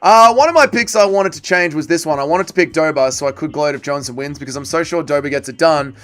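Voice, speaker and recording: A man's voice: on the high side, fast, a bit bright. A man hosting a livestream watch party, chatting casually and joking as he reads viewer comments aloud and answers them. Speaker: livestream host.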